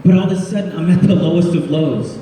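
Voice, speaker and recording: A man's voice: on the high side, fast talker, warm tone, slight background noise, lightly acted. A man voicing a broke young prodigal son who whines about his ruined life, in a big echoey hall. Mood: bewildered. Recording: echoey hall, speaker far from mic.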